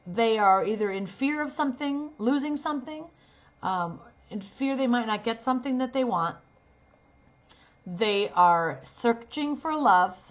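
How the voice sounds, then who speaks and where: Woman, middle-aged, acting coach, casual lesson, acts out example lines, slightly high voice. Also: lively intonation, unhurried. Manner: demonstrates lines, shifting from earnest to sarcastic. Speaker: acting coach and talent manager.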